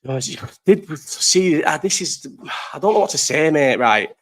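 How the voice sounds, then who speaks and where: A man's voice: on the high side, moderate pace. A young man hosting a live chat, ranting casually about football, sweary and rambling, answering people in the chat. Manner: animated, sweary, rambling, talks to chat readers.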